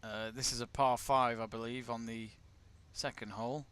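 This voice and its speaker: A man's voice: mid-range voice, flat delivery, normal speed, a bit bright, slight background noise. A man from England hosting a live golf watch-along, chatting casually, greeting viewers and reading out their messages. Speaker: watch-along stream host.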